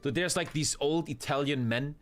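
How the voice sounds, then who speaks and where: A man's voice: a little high, normal speed. A man with a German accent, streaming a strategy game with casual, profane, rambling commentary. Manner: profane, rambling, bro-talk. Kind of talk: casual live gaming commentary.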